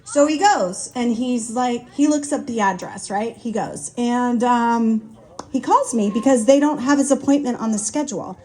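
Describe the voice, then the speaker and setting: A woman's voice: a little high, normal speed, a little mellow. A woman telling a funny story about her late husband at his memorial, chatty and laughing as she goes. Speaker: wife giving a eulogy. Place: memorial gathering.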